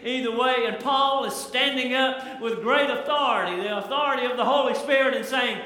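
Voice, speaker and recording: Brief: fervent preacher, high and bright, big echoey sanctuary. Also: male voice, normal speed. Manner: fervent, emphatic preaching with rising exclamations. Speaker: pastor. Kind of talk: sermon. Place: church sanctuary. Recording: echoey church hall with long reverb.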